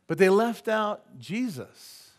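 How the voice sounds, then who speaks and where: Joking pastor guy preaching in church, kinda high voice, keeps asking amen. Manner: animated, joking, asks the congregation "amen?"; does quick silly voices and sound effects. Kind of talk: sermon. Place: church sanctuary.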